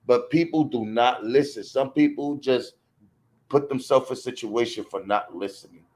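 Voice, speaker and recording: A man's voice: mid-range voice, normal speed. A man telling a story in casual profane chat, acting out the people in it. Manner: profane, animated, acts out quoted voices. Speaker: guest storyteller.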